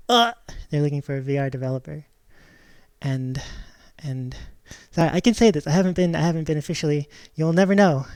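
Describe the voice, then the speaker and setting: A woman's voice: sits low, darkish tone, no room sound. A woman chatting casually on her live stream, rambling and giggling, often restarting her sentences.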